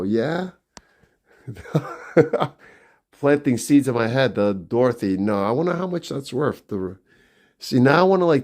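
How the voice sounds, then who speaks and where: A middle-aged man in his fifties talks casually to his viewers on a phone live stream, walking through his family home. His voice sits at an ordinary middle pitch and often drops soft and low as he trails off, chatty and unhurried. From New York. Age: 50s.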